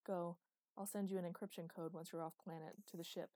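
A woman's voice: fairly low pitch, fairly even intonation, a little fast, mellow, no echo, natural voice. A woman reading the lines of a terse, practical male android in a storybook, clipped and decisive, in a dry close recording. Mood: firm.

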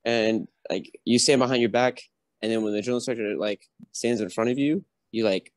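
In a dry recording, a young man with a lowish voice talks at a moderate pace as a podcast guest. A former recruit, he tells a story casually and animatedly reenacts what people said.

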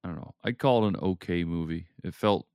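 A man's voice: deep voice, fairly quick, a little mellow, smooth, no echo, studio quality. A man co-hosting a podcast in casual chat, hesitant and trailing off, laughing often. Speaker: podcast co-host.

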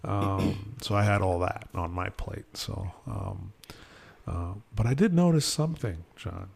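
Gravelly man telling a lively story. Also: low-pitched, measured pace. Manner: animated storyteller, acts out quotes, many fillers. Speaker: podcast host. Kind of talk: casual chat.

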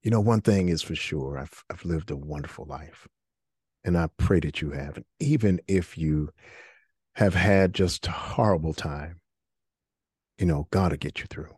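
An earnest middle-aged man hosts a faith-based interview podcast, often repeating and restarting words. His voice sits very low. The sound is dry and close. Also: moderate pace, darkish tone, husky, dry recording. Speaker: podcast host.

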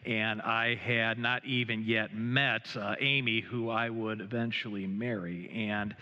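Bright-voiced middle-aged pastor preaching. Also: male voice, lowish voice, fairly even intonation, unhurried, big-room sound, lo-fi sound. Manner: hesitant, frequent filler sounds and restarts, gently humorous. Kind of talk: sermon with personal anecdote. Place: church sanctuary.

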